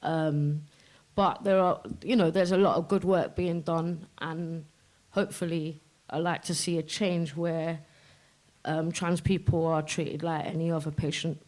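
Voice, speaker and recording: A guest artist talking on a live podcast in a pub, impassioned and swearing, with many pauses. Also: medium pitch, little pitch movement, a little mellow, rough recording. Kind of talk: casual live chat. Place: pub room before a live audience.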